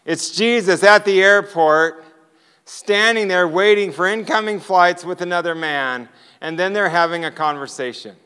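Male preacher, high bright voice, slow storytelling, long hall reverb. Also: clear, resonant tone. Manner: storytelling, animated, laughing. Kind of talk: sermon testimony.

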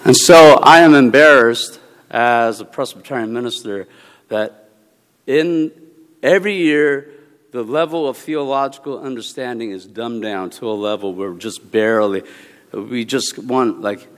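A man who is a Presbyterian minister, giving a humorous sermon talk with animated storytelling, bursts of exclamation and laughter. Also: mid-range voice, a little slow. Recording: long reverb of a large hall.

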